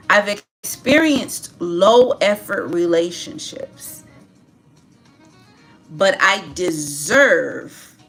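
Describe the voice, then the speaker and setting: Woman leading affirmations, deliberate preacherly delivery, a touch low-pitched, soft music underneath. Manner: slow, emphatic, preacherly call-outs. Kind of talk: call-and-response affirmations.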